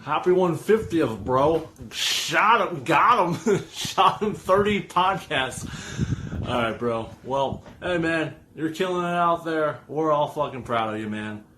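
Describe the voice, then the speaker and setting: A man's voice: on the high side, animated, takes it slowly, bright, forceful tone, slight background noise. Rowdy joking man. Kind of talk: recorded video message.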